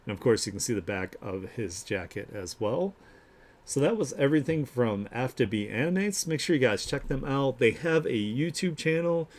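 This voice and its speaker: A man's voice: medium pitch, animated, normal speed. A man hosting a live art share stream, chatting casually and upbeat, full of fillers and restarts as he gushes over each piece of artwork.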